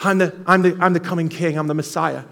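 A preacher voicing a calm, authoritative man. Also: a little high, quick pace, vocal fry. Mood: reassuring. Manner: earnest, reassuring, repetitive phrasing. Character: calm authoritative man reassuring a grieving friend.

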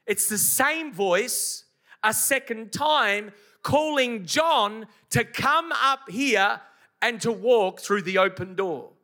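A pastor preaches to his church with a very high pitch and a bright, forceful tone. He drives points home with emphasis and often puts questions to the congregation. A man's voice, ringing out in a live sermon. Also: slow pace. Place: church service before a congregation.

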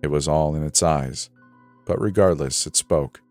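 Over faint music, a man with a very low, darkish voice reads a scripted horror story in a measured, dramatic style.

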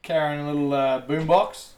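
A man's voice: fairly high pitch, steady tone, moderate pace, darkish tone. A man with an Australian accent, joking and swearing in a casual podcast chat. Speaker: guest co-host.

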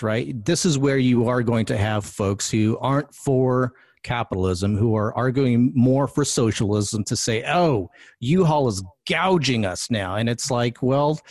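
A man's voice: medium pitch, a little mellow, no room sound. Dry, close-miked man hosting a chat. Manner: conversational, self-correcting, asks for agreement. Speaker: podcast host. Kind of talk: casual political discussion.

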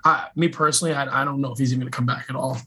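Man, former college football player, casual sports chat, animated and slangy, bright edgy tone, a bit husky. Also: medium pitch, very fast, low-quality recording.

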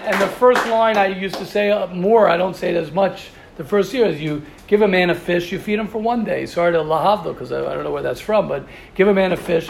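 A man's voice: high voice, creaky, a little hiss or hum. A man giving a passionate, informal Torah talk as a yeshiva rabbi, often repeating words and restarting.

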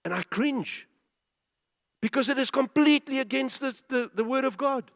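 Long reverb from a large hall surrounds this very high-pitched, creaky male voice with a fairly bright tone, speaking at normal speed. He delivers an emphatic sermon packed with rhetorical questions, telling his listeners again and again to pay attention.

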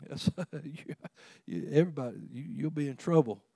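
Male preacher, easygoing conversational sermon, swells and softens, dry close mic. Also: a little high, expressive, moderate pace, creaky, breathy edge, no echo. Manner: folksy, conversational preaching with chuckles; swells louder for emphasis, drops soft for tender points.

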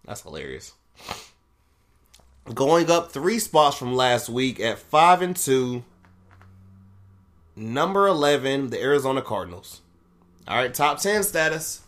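Bright-voiced man reading sports rankings. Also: medium pitch, big pitch swings, unhurried, pauses often. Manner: reads list out, laughs and swears at results. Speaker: podcast host. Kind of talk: casual sports rankings rundown.

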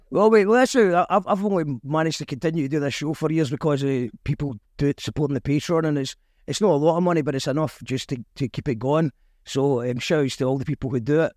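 A man's voice: a little high, fast, darkish tone, no room sound, studio quality. A Scottish man hosting a casual chat show, interviewing a guest and reading viewer comments aloud. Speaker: podcast host.

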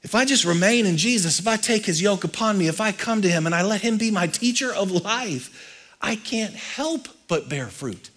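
A male pastor delivers a sermon in a lively, conversational manner. His voice sits fairly high, and he swings from loud, energetic lines to quiet ones. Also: moderate pace.

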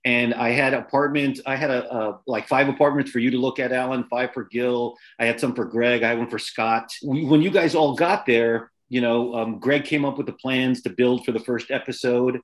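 A man's voice: mid-range voice, steady tone, moderate pace, hardly any pauses. A man talking casually on a podcast, recalling old production days in a loose, rambling way. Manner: rambling, with fillers and restarts.

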